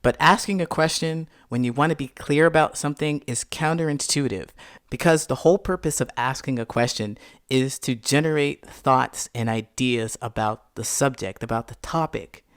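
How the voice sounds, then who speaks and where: A man's voice: medium pitch, moderate pace, clear, resonant tone, no echo, studio quality. A man hosting a podcast, telling a personal story in a monologue and acting out the scenes. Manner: animated, reenacts scenes with voiced quotes. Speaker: podcast host.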